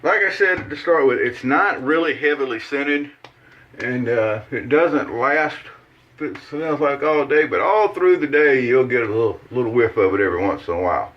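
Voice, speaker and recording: In a muffled recording, a shaving channel host speaks expressively in a mid-range voice at normal speed. He rambles folksily with many fillers, explaining things casually as he shaves at his bathroom sink.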